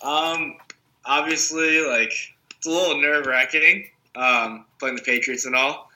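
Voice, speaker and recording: A young man with a very bright, tense voice, talking sports on a casual podcast. He is blunt and swears freely. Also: fairly high pitch, steady tone, a little slow. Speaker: podcast guest.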